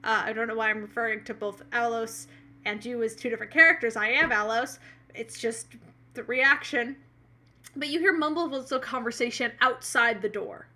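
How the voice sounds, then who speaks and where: A woman running a tabletop role-playing game on a live stream, describing scenes for her players. Her voice is bright and a touch higher than average. She hesitates often and fills gaps with ums and uhs. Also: normal speed. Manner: hesitant, filler-heavy. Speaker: game master.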